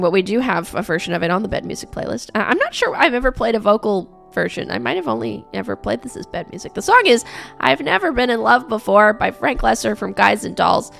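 A woman hosts a radio show, chatting casually and rambling with many fillers and restarts. Her voice is medium-pitched and a bit bright, slightly hoarse from coughing.

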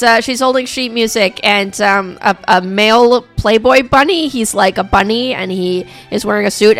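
A woman hosting a radio show, chatting casually and rambling with lots of fillers and restarts, a little hoarse from coughing. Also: mid-range voice, a bit bright.

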